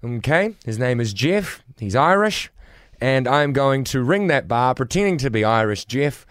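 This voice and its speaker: A man's voice: mid-range voice, expressive, unhurried, clear, resonant tone, no echo, clean studio sound. A man with a New Zealand accent co-hosting afternoon radio, chatting playfully while setting up a prank call. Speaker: radio host. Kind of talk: casual radio chat.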